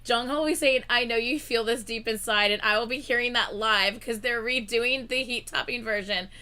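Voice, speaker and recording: Woman reacting on stream, high pitched, loud and excitable, swears a lot. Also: normal speed, clear, resonant tone. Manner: excitable, loud exclamations and cursing. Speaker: livestream co-host. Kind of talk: casual reaction chat.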